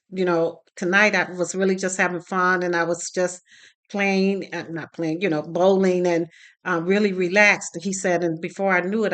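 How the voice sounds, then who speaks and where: A woman with a slightly low voice tells a story straight to her phone camera. She talks casually and with feeling, slipping into the voices of the people she quotes, like a parenting teacher sharing an experience. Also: a bit bright. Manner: retells dialogue with quoted voices, emotional. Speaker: parenting class instructor. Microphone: phone recording herself.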